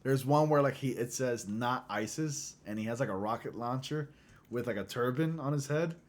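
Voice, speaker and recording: A man's voice: mid-range voice, moderate pace. Laughing man in his late twenties. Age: late 20s. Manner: laughs often, rambling and facetious. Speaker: livestream host. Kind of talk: casual chat with viewers.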